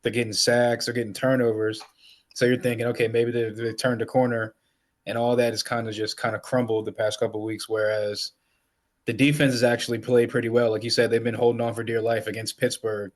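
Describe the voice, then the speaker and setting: A man's voice: mid-range voice, little pitch movement, fairly quick. A man co-hosting a casual sports podcast, talking in a laid-back way. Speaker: podcast co-host.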